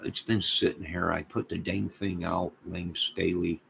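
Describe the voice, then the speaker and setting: A man with a low, gravelly voice rambles through a casual livestream chat, cracking deadpan jokes at his viewers. Faint noise hums under the recording. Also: a little slow, rough recording. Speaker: livestream host.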